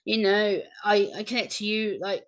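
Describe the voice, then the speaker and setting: A woman guest on a casual podcast, talking with warm, gushing enthusiasm. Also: medium pitch, fairly even intonation, moderate pace, muffled recording.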